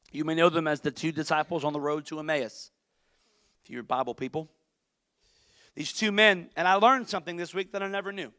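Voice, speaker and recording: A middle-aged male pastor preaching an impassioned sermon, swinging from shouts down to near-whispers. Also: high-pitched, no room sound.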